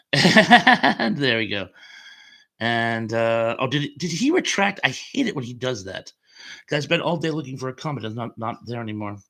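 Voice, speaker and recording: A man's voice: medium pitch, big pitch swings, normal speed, sharp tone. A man in his fifties hosting a casual live stream, reading viewer comments aloud in a chatty, rambling way. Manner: chatty and rambling, with frequent fillers and chuckles.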